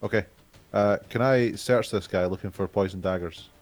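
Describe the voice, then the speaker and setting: Low-voiced laid-back male player. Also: moderate pace, faint music behind. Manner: laid-back, thinking aloud. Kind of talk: casual game chat.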